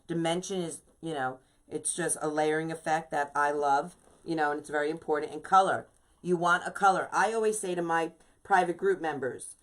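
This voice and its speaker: Chatty New woman teaching wreaths. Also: fairly low pitch. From New York. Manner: chatty, greets viewers by name as she works. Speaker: wreath designer teaching a live class. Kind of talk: casual live-stream craft tutorial.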